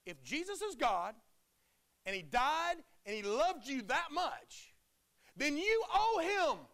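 High, bright-voiced passionate preacher man. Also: big pitch swings, slow. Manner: emphatic preaching with loud passionate peaks and hushed drops. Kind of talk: sermon.

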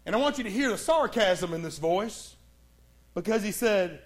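In this sermon, a man's very high voice carries lively intonation as he recounts a Bible story. Dramatic pauses punctuate his swings from raised, urgent speech to almost a hush.

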